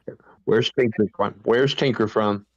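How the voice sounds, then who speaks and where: A man chatting excitedly on a casual call, swearing offhandedly and reading out guesses from the chat. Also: lowish voice, normal speed, dry recording, lo-fi sound.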